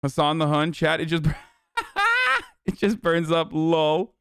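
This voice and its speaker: A man's voice: on the high side, steady tone, moderate pace, clear, resonant tone, dry recording, studio quality. Profane, mocking young man streaming. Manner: profane, mocking, loud bursts of laughter. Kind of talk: casual livestream chat.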